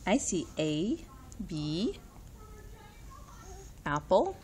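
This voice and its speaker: A woman talking slowly and sweetly to a toddler at home, coaxing her, and she sounds sniffly. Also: fairly low pitch, sing-song, darkish tone, slight background noise. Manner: slow, sing-song coaxing. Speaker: mother. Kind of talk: casual talk to a toddler.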